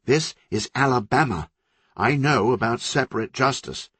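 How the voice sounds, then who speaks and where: A man's voice: medium pitch, normal speed, fairly bright tone, breathy edge, no room sound, pitched above the performer's own voice. A male audiobook narrator voicing a blunt, street-smart young woman who speaks in clipped, urgent commands.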